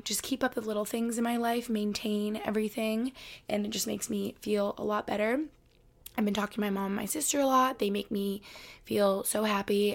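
A woman in her twenties, from upstate New York, hosting a solo podcast from her bedroom floor in a rambling, chatty way full of "like". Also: mid-range voice. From Albany, New York. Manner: rambling, chatty, lots of 'like'. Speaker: podcast host. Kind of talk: casual solo podcast chat.

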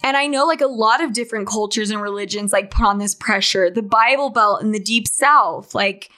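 A woman's voice: medium pitch, a little fast, sharp tone. Chatty young woman podcasting. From Salt Lake City, Utah, USA. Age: 20s. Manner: candid, chatty, swears freely, says "like" often. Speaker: podcast host. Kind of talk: casual monologue.

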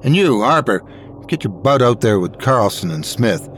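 A man voicing a gruff, harried middle-aged police chief who barks his lines in exasperation. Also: medium pitch, big pitch swings, moderate pace, a little hiss or hum, lightly acted. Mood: angry. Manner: barking, exasperated.

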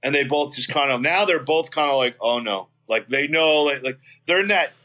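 Bright-voiced man telling a wild story. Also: on the high side, brisk. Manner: profane, animated anecdote-telling with frequent restarts. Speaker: guest, metal singer. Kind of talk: casual storytelling.

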